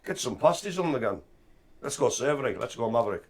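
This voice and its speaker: A man's voice: mid-range voice, quick pace. A man co-hosting a casual live stream, bantering and joking. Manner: jokey, lively banter. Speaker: co-host.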